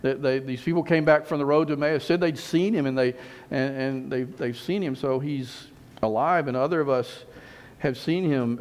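A man's voice: medium pitch, moderate pace. A middle-aged man preaching a sermon in a conversational way, repeating phrases and rising for emphasis.

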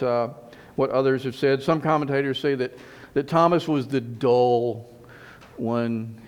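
A man's voice: mid-range voice, darkish tone, clear, resonant tone. A middle-aged man preaching a sermon in a conversational way, repeating phrases and rising for emphasis.

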